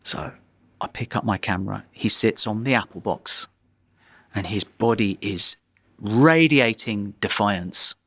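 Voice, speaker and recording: A man's voice: fairly low pitch, unhurried, sharp tone. A man, a photographer, telling a vivid anecdote in an interview, often restarting his sentences as he goes. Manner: vivid, dramatic storytelling with frequent restarts.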